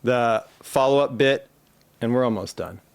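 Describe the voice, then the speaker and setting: A man hosting a podcast, casually pitching joke ideas and telling stories from his own life. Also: normal speed, gravelly, clean tone, dry recording. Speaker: podcast host. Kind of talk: casual chat.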